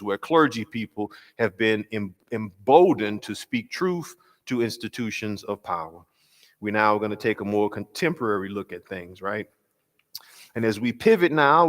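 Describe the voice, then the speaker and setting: A man, a pastor, giving a church workshop lecture, measured and emphatic, slowing on key phrases and asking rhetorical questions. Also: mid-range voice, a bit bright. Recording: long hall reverb.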